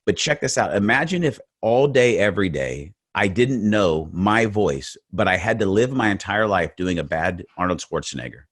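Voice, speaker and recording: Male motivational speaker, middle-aged, very low voice, dry close sound; earnest webinar delivery with frequent repeated words. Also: lively intonation, moderate pace, hardly any pauses, dry recording. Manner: earnest, repeats words while building points. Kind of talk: faith-based webinar talk.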